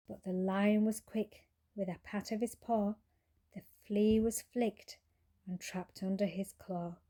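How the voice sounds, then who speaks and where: A woman reading a rhyming bedtime story aloud with a gentle, rhythmic delivery. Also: mid-range voice, fairly even intonation, slow pace.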